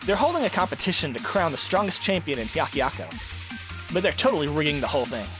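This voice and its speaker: A woman's voice: sits low, sing-song, fairly quick. A woman voicing a bratty, hot-headed young girl who whines and swears, over background music. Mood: scheming. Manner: whiny, brash, swearing.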